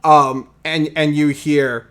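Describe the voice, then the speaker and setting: A man's voice: a little high, level tone, takes it slowly, fairly bright tone. A man narrating as game master in a casual tabletop session, rambling and full of fillers.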